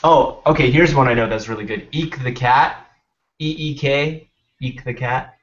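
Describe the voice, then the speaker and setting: A young man hosts a casual podcast chat, laid-back and rambling, with the occasional swear word. He speaks at a moderate pace in a medium-pitched voice, over dull lo-fi stream audio.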